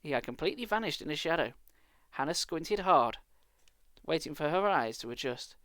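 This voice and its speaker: A man's voice: a little high, lively intonation, moderate pace, a bit bright, no room sound. A British man reading a children's book aloud live, with dry, sarcastic asides. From Britain.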